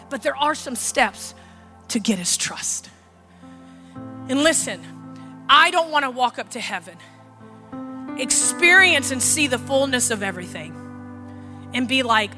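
Impassioned woman pastor over music. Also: on the high side. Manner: impassioned, rising emphasis, then soft and tender when telling a personal story. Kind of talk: sermon.

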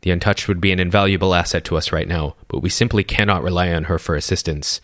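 A man voicing a weary, commanding male chieftain in a storybook reading, in a measured, authoritative way. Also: sits low, steady tone, dry recording, clean studio sound, close to an everyday voice.

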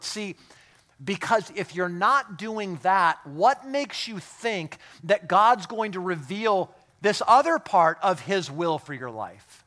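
Animated preacher man with a high voice. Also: slow. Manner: swings from hushed storytelling to loud emphatic preaching; animated, repeats words for emphasis. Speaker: pastor. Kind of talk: sermon.

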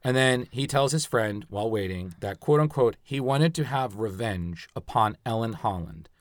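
A man's voice: lowish voice, lively intonation, normal speed, dry recording. A man hosting a casual true-crime podcast, explaining the case with hesitant stops and restarts. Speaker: podcast host.

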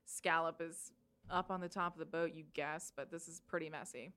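A woman's voice: deep voice, steady tone, normal speed, a bit bright. A woman narrating as game master in a tabletop role-playing session, casual and full of fillers. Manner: casual, laid-back narration with many fillers.

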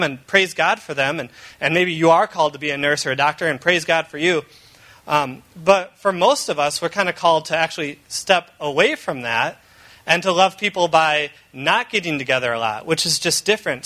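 A man's voice: sits high, pushed and bright. A man in his thirties, a pastor giving an earnest, conversational sermon. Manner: earnest and conversational, with frequent fillers and restarts.

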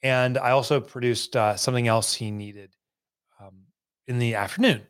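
A man hosting a casual podcast chat, telling lively stories and mimicking accents. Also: mid-range voice, moderate pace, no room sound, studio quality. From Northeast United States. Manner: animated storyteller, mimics accents. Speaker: podcast host.

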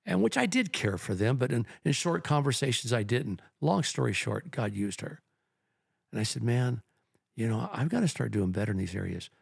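Man, pastor, middle-aged, gravelly voice, husky edge, earnest storytelling, close dry mic. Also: lowish voice, normal speed, dry recording. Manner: earnest storyteller, tells personal anecdotes. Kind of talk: casual podcast discussion.

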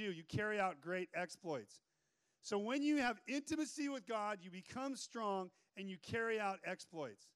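High-voiced, animated male preacher. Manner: animated, joking, acts out voices. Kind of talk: energetic sermon. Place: room with an audience.

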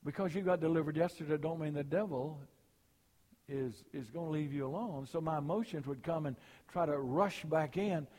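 An older man preaching a sermon, telling folksy personal stories and rising high and loud for punchlines. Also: normal speed, long reverb tail.

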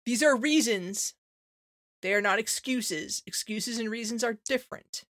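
A woman's voice: a little high, measured pace, dry recording, clean studio sound. A woman in her thirties, a veterinarian co-hosting a podcast, telling stories in casual chat, full of "like" and "you know", acting out her own lines. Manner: animated storyteller, acts out her own quotes; many fillers like "like" and "you know".

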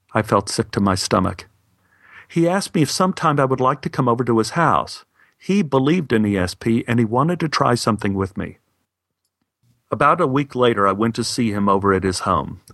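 A man's voice: on the low side, fairly bright tone, no room sound. Matter-of-fact man telling a story. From Texas, USA. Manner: matter-of-fact, dry, wry. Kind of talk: first-person storytelling.

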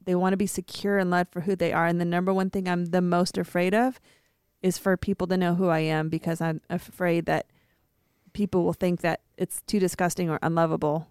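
Smooth-voiced woman acting out quotes. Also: lowish voice, brisk, no echo, clean studio sound. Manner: animated, acts out quoted voices. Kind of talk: casual faith-based chat.

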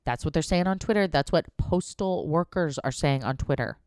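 A young woman with a low, smooth voice hosts her own podcast in a playful, rambling way, giggling as she goes. She sits close to the microphone in a dry, dead room. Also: expressive, moderate pace, darkish tone, no echo. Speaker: podcast host. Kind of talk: casual solo podcast chat.

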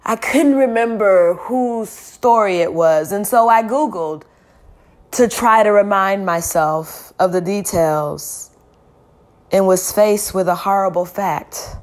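A weary woman speaking a slow, deliberate, heavy lament in a spoken-word style. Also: mid-range voice, a little mellow.

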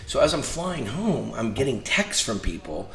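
A man's voice: medium pitch, normal speed, gravelly. A man guest in a conversation, telling stories animatedly and acting out the dialogue. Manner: animated storyteller, acts out quoted dialogue. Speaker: interview guest. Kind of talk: casual storytelling in conversation. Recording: echoey room with faint noise.

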